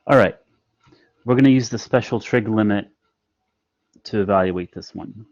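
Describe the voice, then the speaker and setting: A man's voice: fairly low pitch, normal speed, a little mellow, no room sound, dull audio. A man explaining a math lesson in an online class, patient and step by step with frequent fillers. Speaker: math instructor. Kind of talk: online lecture.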